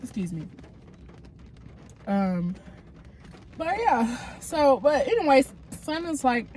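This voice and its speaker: A woman's voice: high voice, very animated, takes it slowly, pauses often, darkish tone, slight background noise. A woman with a cold, congested, giving a chatty, frank recap of a reality show and talking straight to her viewers. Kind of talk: casual recap commentary.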